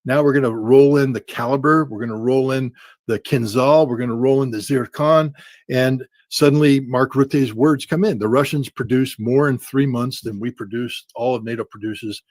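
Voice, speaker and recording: A man giving blunt, sarcastic political commentary, mocking with quick acted quotes. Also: medium pitch, darkish tone, no room sound.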